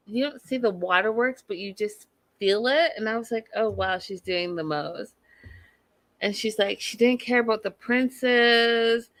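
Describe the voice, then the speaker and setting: Woman hosting a live tv recap, chatty, bright voice, dry close sound. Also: on the low side, no room sound. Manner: chatty, animated, lots of "like" and asides. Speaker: host of a live TV recap show. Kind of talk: casual chat, reacting to live chat.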